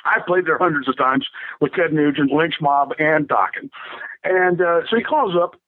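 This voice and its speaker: Speaking at normal speed in a voice on the high side, an older rock drummer rambles through stories during a casual interview, often laughing and starting sentences over. The recording is dry, coming through a tinny phone line.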